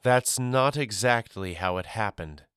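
A sorrowful, guarded mother, as a male narrator reads her part, quiet and measured with a sharp edge. The storybook voice sounds low, bright and crisp. It is recorded dry and close, with no room sound. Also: no room sound. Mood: somber. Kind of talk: audiobook character reading.

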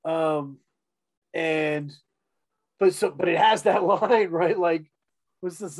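A man's voice: fairly high pitch, steady tone, slow pace, pauses often, no echo. A man co-hosting a casual podcast chat about an album, talking enthusiastically with lots of fillers and restarts. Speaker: podcast co-host reviewing an album.

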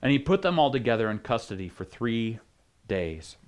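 Chatty male pastor, mid pitch. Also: very animated, moderate pace. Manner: chatty, joking asides, many restarts. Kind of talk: casual sermon teaching.

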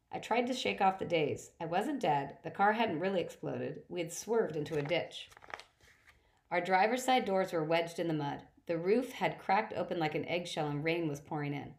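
Woman, story reader, first-person narration, low voice, occasional restarts. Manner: steady reading with occasional slips and restarts. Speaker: audiobook reader.

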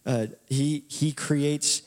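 A man preaching a sermon, retelling a story in a casual, animated way. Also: on the high side, drawn-out words. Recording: long hall reverb.

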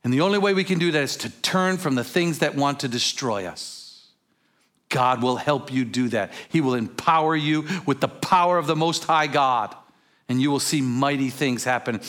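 Speaking at normal speed in a mid-range voice, a pastor gives a sermon that jumps between quiet, intimate words and abrupt shouts. Casual anecdotes are sprinkled throughout.

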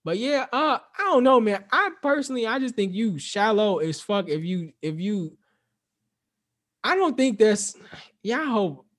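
A man's voice: high voice, animated, measured pace, a bit bright. A young man co-hosting a podcast, chatting casually and telling stories with lots of swearing and quoted asides. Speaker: podcast co-host. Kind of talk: casual chat.

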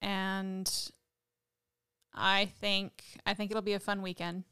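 A woman's voice: mid-range voice, level tone, slow, bright, forceful tone, clear, resonant tone. A woman co-hosting a podcast in casual chat, hesitant and full of fillers. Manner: hesitant, filler-heavy, trailing off. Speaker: podcast co-host.

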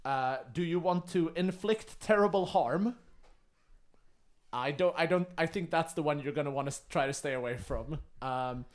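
Guy gm running a tabletop game, kinda high voice, chatty. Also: normal speed. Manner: chatty, laughs, lots of fillers. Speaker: game master.

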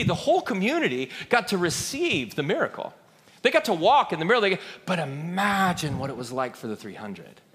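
A man preaches in a conversational, storytelling sermon. His voice sits high for a man and has a bright, forward edge. He keeps checking in with the crowd with quick questions. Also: long reverb tail. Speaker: pastor.

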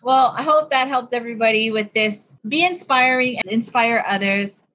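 A woman's voice: a little high, moderate pace, a bit bright. A woman, co-hosting a podcast in easy, chatty talk and laughing readily. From Hawaii. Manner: chatty storyteller, laughs easily. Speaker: podcast co-host. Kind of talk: casual chat.

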